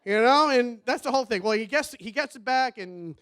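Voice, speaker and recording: Nervous high-voiced man toasting his brother. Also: animated, brisk, fairly bright tone. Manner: nervous, rambling storytelling with frequent laughs. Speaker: groom's brother giving a toast. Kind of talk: wedding toast speech. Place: wedding reception.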